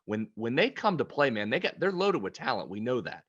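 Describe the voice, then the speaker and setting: A man's voice: medium pitch, sing-song, a little fast, fairly bright tone, breathy edge, dull audio. A man co-hosting a sports betting podcast, chatting casually about picks and often repeating words as he goes.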